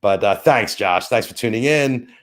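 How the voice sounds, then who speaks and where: A man's voice: mid-range voice, expressive, moderate pace. A middle-aged man hosting a casual live stream, rambling as he thanks viewers by name and plugs sponsors. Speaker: host of a live-stream show.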